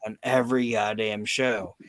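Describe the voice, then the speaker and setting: A man's voice: fairly low pitch, flat delivery, normal speed, a bit bright. A man hosting a podcast, telling a story in a profane, emphatic casual chat. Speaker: podcast host.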